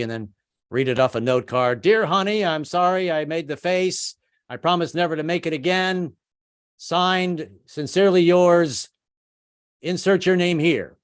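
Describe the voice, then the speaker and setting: During his stand-up set, a fifties-aged man stammers and makes self-deprecating jokes. Other people get sudden, high-pitched put-on voices.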